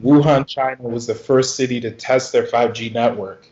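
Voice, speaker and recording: A man's voice: mid-range voice, steady tone, moderate pace, darkish tone. Laid-back man, muffled podcast sound. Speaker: podcast co-host. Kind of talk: casual chat. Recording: dull lo-fi podcast audio.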